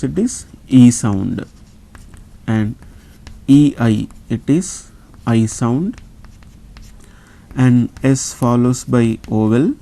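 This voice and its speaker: Slow, patient male teacher. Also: mid-range voice, dark tone. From India. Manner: patient, repeats each word several times. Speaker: language teacher. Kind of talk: slow classroom teaching with repetition.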